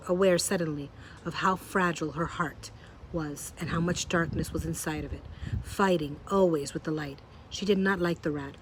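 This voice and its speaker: A woman reading a children's novel aloud, measured and speaking straight to the listener. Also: low-pitched, a little hiss or hum, low-quality recording. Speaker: storybook reader.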